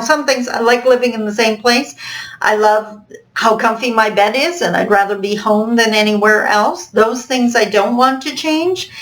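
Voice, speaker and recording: A woman's voice: mid-range voice, low-quality recording. A middle-aged woman teaching a recorded online course lesson, speaking to viewers in an upbeat, encouraging way. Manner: upbeat, encouraging, direct address.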